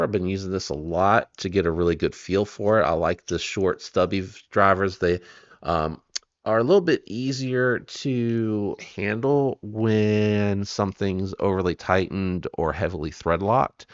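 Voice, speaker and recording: Gravelly low-voiced man chatting on stream. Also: no echo, highs cut off. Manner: rambling, chatty, greets viewers by name. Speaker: live stream host. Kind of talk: casual live-stream chat.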